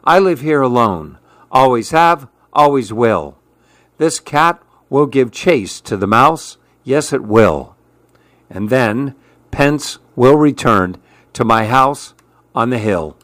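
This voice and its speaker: A man's voice: medium pitch, lively intonation, slow, fairly bright tone, dry recording, studio quality. A man voicing a grumpy, solitary man in a storybook reading, his lines fussy and insistent. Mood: stubborn. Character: grumpy solitary man who wants to be alone.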